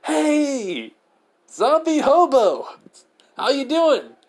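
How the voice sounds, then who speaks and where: A man voicing a cheeky, sarcastic eighteen-year-old boy turned ice spirit, in a loud voice pitched above his own. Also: big pitch swings, normal speed, natural voice. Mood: cocky teasing. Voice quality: loud, higher than his narrating voice. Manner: brash, mocking.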